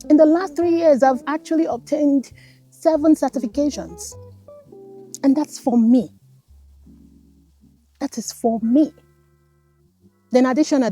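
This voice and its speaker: Nigerian woman coach, earnest motivational vlog, mellow, faint guitar bed. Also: high voice. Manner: earnest, repetitive, animated, addresses listener as darling. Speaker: life coach. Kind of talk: casual motivational talk to camera. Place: garden, outdoors.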